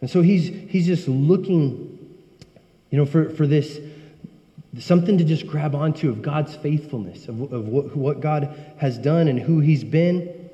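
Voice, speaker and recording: A man's voice: on the high side, a little slow, warm tone. Earnest preacher man in a reverberant hall. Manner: earnest, emphatic, rising when he voices prayers. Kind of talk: sermon. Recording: dull recording with long hall reverb.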